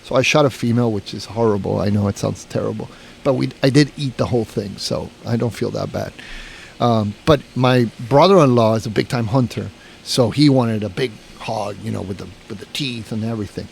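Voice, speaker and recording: Gravelly man telling a rambling story. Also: lowish voice, brisk, darkish tone, slight background noise. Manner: rambling, profane, full of "you know" and restarts. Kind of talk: casual podcast storytelling.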